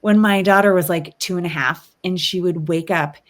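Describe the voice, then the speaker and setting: A woman's voice: fairly low pitch, normal speed. A woman guest on a podcast who explains ideas in a thoughtful, coaching way, with frequent ums and rhetorical "right?"s. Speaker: guest, resilience expert. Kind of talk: casual interview conversation.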